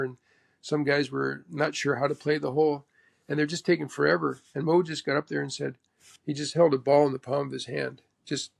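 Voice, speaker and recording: A man from Canada, a pro golfer, telling stories in an interview in an animated way, acting out what others said. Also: a little high, gravelly. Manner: animated, acts out the other person's speech. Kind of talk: storytelling interview.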